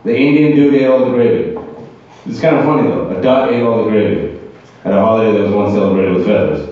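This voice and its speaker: A man's voice: lowish voice, fast talker. A man doing a stand-up set, wry, rambling and self-mocking, from a country that was once a British colony. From former British colony. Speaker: stand-up comedian. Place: comedy club stage. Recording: dull, far-off echoey club recording.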